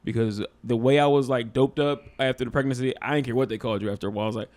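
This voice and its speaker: A man from Philadelphia talks casually as a podcast guest, winding through long stories at an easy pace. He trails off, restarts and chuckles at his own jokes. His voice sits in a middling pitch for a man. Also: fairly even intonation, very fast, a little mellow. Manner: rambling, laid-back storyteller who laughs at himself. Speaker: podcast guest, stand-up comedian.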